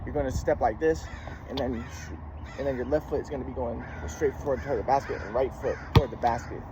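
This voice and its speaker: A man's voice: medium pitch, steady tone, fast. A man telling a story from his youth in a casual monologue, rambling with many repeats and restarts as he demonstrates moves. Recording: clear background noise.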